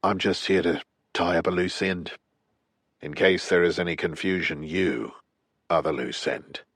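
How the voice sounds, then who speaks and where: Deep-voiced narrator doing a south african hitman, calm threats, super low, dry sound. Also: breathy edge, dry recording, heavily acted. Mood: cold. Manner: low, cool, unhurried threats. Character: calm menacing male hitman with a pistol.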